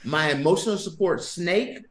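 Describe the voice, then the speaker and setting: A man's voice: fairly high pitch, moderate pace, echoey room. A man hosting a sports podcast, ranting and joking emphatically in casual banter. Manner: animated, joking, emphatic rants.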